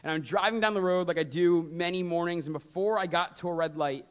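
Man, pastor, sermon, high voice, conversational, drops to hushed tones. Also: a little fast, clear, resonant tone. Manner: swings from lively emphasis to hushed, near-quiet storytelling; conversational, addresses the congregation directly.

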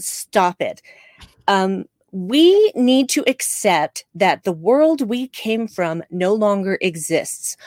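A woman's voice: medium pitch, darkish tone, no room sound, clean studio sound. A woman co-hosting a casual podcast chat, talking in an impassioned and emphatic way. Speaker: podcast co-host.

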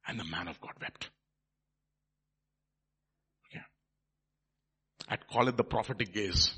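Male preacher, husky and bright-toned, fervent sermon delivery with wide dynamic swings. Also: on the low side, slow, long pauses. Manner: swings from quiet musing to loud fervent preaching.

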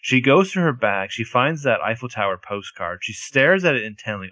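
A man's voice: medium pitch, sing-song, moderate pace, hardly any pauses, pushed and bright, no room sound. A man co-hosting a casual podcast, talking through a TV episode with lots of "like". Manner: chatty, lots of "like" and restarts. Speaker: podcast co-host recapping a TV episode. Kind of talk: casual chat.

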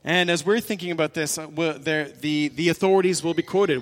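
A man preaching in a church, his voice sitting a little high for a man and trailing into a long hall reverb. He talks earnestly and repeats himself, often restarting his phrases as he builds his points. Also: fairly quick, few pauses. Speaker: pastor. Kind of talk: sermon.

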